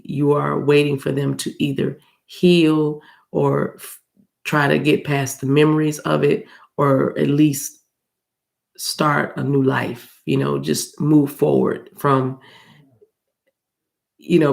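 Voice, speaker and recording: An American woman doing a casual spiritual card reading, chatty and rambling, with a voice roughened by allergies. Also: low-pitched. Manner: chatty and rambling, addresses viewers as y'all, laughs often. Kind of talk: casual tarot reading chat.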